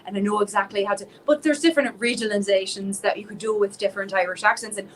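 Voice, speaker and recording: A woman's voice: mid-range voice, steady tone, fast talker, slight background noise, poor audio. A woman from South Florida, a singer and instructor, talking animatedly and playfully as a guest in a casual interview.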